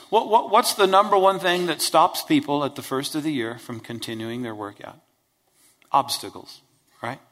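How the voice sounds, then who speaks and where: A male pastor preaching in an easy, conversational way, plain-spoken and folksy, often pausing to ask his congregation if they are with him. His voice sits at an ordinary middle pitch. The sound carries a long reverb from a large church hall. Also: fairly bright tone. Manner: keeps checking in with listeners with "right?", "okay?" and "Amen?". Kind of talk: conversational sermon.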